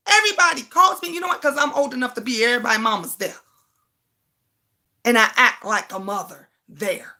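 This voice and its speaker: A woman's voice: a little high, bright, forceful tone. Brassy, emphatic older woman host. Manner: blunt, emphatic, repeats words, reads viewer comments. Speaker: livestream host. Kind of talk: casual livestream talk.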